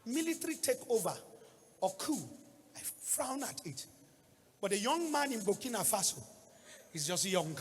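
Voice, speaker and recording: A man with a Nigerian accent preaching a sermon, swinging from low asides into sing-song shouts. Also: big pitch swings, moderate pace, long pauses, breathy edge, big-room sound. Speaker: pastor.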